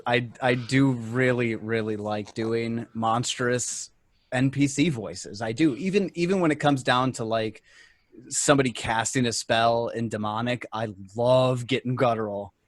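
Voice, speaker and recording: A man's voice: mid-range voice, fairly even intonation, measured pace, dry recording. A man with a mid-range voice recorded dry and close. He talks with enthusiasm and emphasis, casual and open with his fellow game masters. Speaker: podcast co-host.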